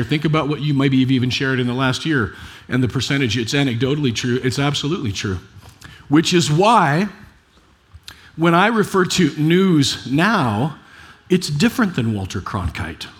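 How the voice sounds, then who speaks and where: A middle-aged man preaching a conversational sermon, full of rhetorical asides and quick restarts. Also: mid-range voice, lively intonation. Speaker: pastor.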